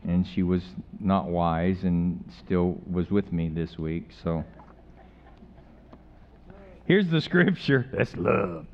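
A man's voice: lowish voice, dull audio. A man preaching a sermon in a conversational way, with jokes and repeated phrases. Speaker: pastor.

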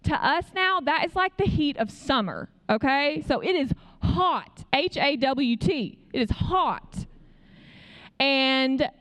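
High-pitched woman giving a chatty testimony, animated storyteller, lots of "like", acts out everyone's lines. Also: slow pace. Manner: animated storytelling, acting out the other people's lines; frequent "like" fillers. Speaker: speaker sharing a testimony. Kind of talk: conversational preaching.

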